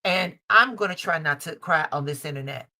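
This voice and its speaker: A middle-aged woman from Chicago leads a live-stream advice reading, her voice bright and forceful. She repeats her key lines for weight. She calls people baby and honey, and she swears without a second thought. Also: sits low, fairly quick. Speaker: tarot reader and show host. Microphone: streaming call setup.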